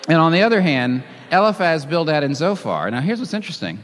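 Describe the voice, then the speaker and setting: A man preaching a sermon in a dramatic, animated way, with bursts of emphasis. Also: fairly high pitch, a little fast, few pauses. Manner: lively, dramatic, reads scripture with emphasis and chuckles. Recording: long hall reverb.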